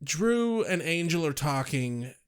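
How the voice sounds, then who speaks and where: A man's voice: fairly high pitch, sing-song, slow, smooth. A young man co-hosting a casual chat, swearing freely and firing off exasperated rhetorical questions. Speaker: podcast co-host.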